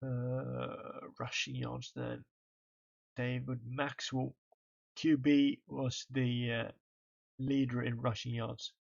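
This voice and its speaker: A man's voice: mid-range voice, little pitch movement, slow pace, creaky, lo-fi sound. A tired man, casually commenting on a college football game stream as he reads through the stats. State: tired, yawning. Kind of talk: casual let's-play commentary.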